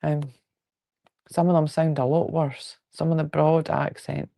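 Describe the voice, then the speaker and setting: Gravelly-voiced Scottish woman chatting. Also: low voice, flat delivery, measured pace, dark tone. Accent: Scottish, Fife. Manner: chatty, rambling, frank and jokey. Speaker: quilting livestream host. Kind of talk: casual livestream chat, answering viewer comments. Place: at home indoors.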